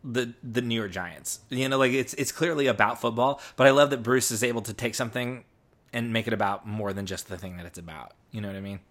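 A man's voice: medium pitch, quick pace, fairly bright tone. A man in casual conversation as a co-host, earnest and reflective as he explains what a song means. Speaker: co-host discussing songs. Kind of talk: casual chat.

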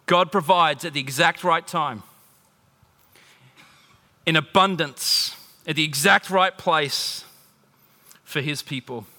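A man preaching a sermon as pastor, swinging between loud emphatic bursts and quiet, intimate asides. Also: on the high side, slow, pauses often. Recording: long hall reverb.

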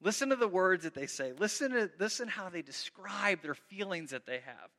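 A male pastor delivering a sermon with a high, piercing voice that rings in a long hall reverb. He reads scripture in a heightened, dramatic way, then drops into loose, conversational asides that stop and restart mid-sentence. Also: fairly quick, few pauses. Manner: animated preaching, reads scripture aloud dramatically; conversational, self-interrupting.

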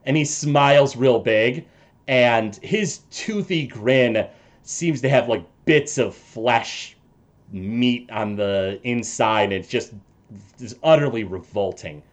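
A man narrating a tabletop game as game master in an unhurried storytelling manner. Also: medium pitch, expressive.

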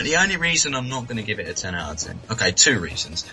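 A man's voice: lowish voice, expressive, a little fast, few pauses, sharp tone, faint music behind, rough recording. A British man co-hosting a podcast, chatting enthusiastically and laughing easily. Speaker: podcast co-host. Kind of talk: casual podcast chat.

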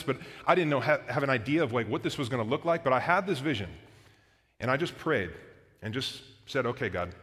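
Pastor, 30s, male, casual storytelling sermon, mid pitch, long hall reverb. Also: fairly bright tone. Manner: conversational, storytelling with filler words. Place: church auditorium.

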